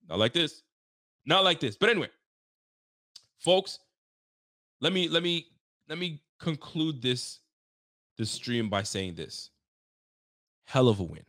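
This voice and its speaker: A man's voice: mid-range voice, sing-song, a little slow, long pauses, fairly bright tone, no room sound, clean studio sound. A man from Canada who grew up speaking French and Creole, hosting a post-game show in a hyped, joking, trash-talking way. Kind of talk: casual sports talk stream.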